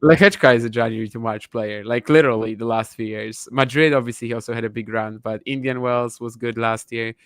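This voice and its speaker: A man's voice: medium pitch, steady tone, a little fast, hardly any pauses, a bit bright, smooth, no echo. A man co-hosting a podcast, chatting casually and thinking aloud with frequent restarts. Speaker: podcast co-host. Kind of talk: casual chat.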